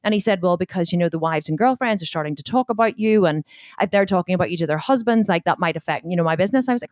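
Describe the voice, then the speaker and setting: A woman's voice: fairly low pitch, racing, no echo, clean studio sound. Blunt, storytelling businesswoman. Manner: blunt, expletive-heavy, animated retelling. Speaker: podcast guest, entrepreneur. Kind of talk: candid storytelling interview.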